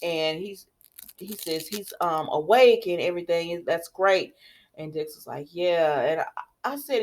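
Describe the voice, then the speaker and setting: A woman's voice: on the low side, lively intonation, unhurried. A woman casually retelling a soap opera episode in a rambling, chatty way, quoting the characters' lines. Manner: chatty, rambling, with many fillers and quoted dialogue. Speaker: soap opera recap host. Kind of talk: casual spoken recap.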